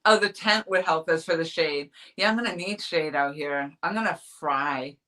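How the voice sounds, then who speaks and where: A woman from New Hampshire with a bright, forceful voice talks her way through a casual live stream. She rambles, restarts her sentences and laughs often while reading viewers' chat as a fishing vlogger. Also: low voice, moderate pace.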